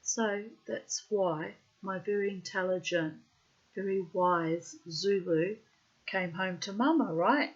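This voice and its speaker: A middle-aged woman telling a personal story in a blunt, salty way, swearing freely and loudly acting out what people said. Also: mid-range voice, slow pace. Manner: animated, acts out quotes loudly. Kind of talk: personal anecdote monologue. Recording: muffled lo-fi recording.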